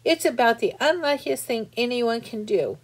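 A woman's voice: fairly high pitch, expressive, moderate pace, slightly rough, pitched above the performer's own voice. A woman reading aloud and voicing a proud, cheeky male centipede in a gleeful, boisterous way.

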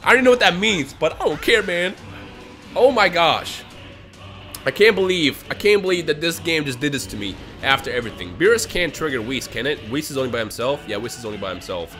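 A man commentating his own mobile game pulls for a video, swinging between low grumbling and shouted, exasperated outbursts. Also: animated, fairly quick, faint music behind. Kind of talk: gaming vlog commentary.

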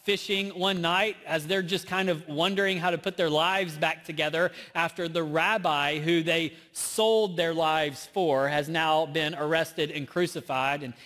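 A man's voice: a little high, fairly even intonation, a little slow, few pauses, a bit bright. A man with a Southern US accent preaching a sermon as a pastor, conversational and self-deprecating. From American South. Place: church auditorium. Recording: long reverb of a large church hall.

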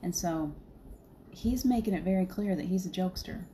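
A woman talks through a casual livestream, wandering from thought to thought and breaking into laughter often. Her voice sits on the low side. A faint hum stays in the background. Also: moderate pace. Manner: chatty, laughing often, rambling. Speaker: spiritual medium, livestream host.

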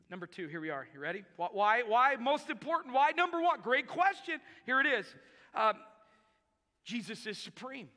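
A man's voice: high-pitched, very animated, normal speed, sharp tone. A male pastor preaching a sermon in a church, emphatic and repeating key phrases for effect. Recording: long reverb of a large hall.

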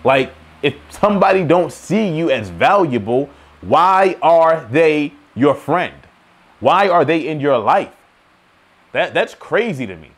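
A young man giving a motivational monologue to camera, emphatic and slangy, swinging between loud challenges and low asides. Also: animated, slow pace. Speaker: motivational video host.

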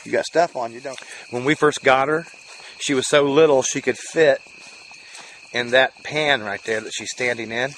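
Out in a rural yard, a middle-aged family vlogger with a medium-pitched, fairly bright voice looks after his dogs and rambles casually at a moderate pace, cooing at the dog in a folksy way. Faint crickets and outdoor sounds mix with slight hiss or hum on a low-quality recording.

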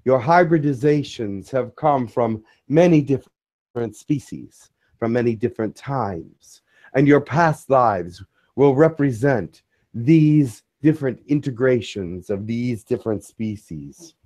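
A man delivers a channeled message in a measured, solemn manner. He takes his time over each phrase. His pitch sits in the middle of the range. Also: expressive, dark tone.

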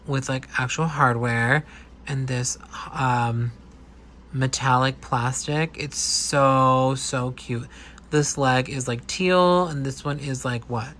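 A man chatting casually and gushing while unboxing a doll, with quick excited asides. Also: mid-range voice, a little hiss or hum. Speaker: doll collector vlogger. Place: indoor room with air conditioner hum.

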